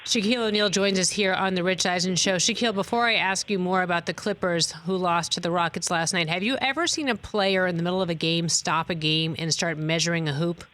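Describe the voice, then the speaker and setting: Animated woman co-host asking teasing questions. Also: lowish voice, fairly quick, few pauses. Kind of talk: casual chat.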